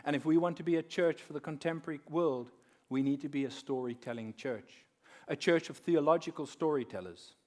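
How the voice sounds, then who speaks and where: A man giving a conference talk on faith, telling stories in a measured way and dropping quiet for effect. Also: on the high side. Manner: measured storyteller who drops quiet and slows for effect. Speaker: conference speaker. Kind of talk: talk on faith woven with storytelling.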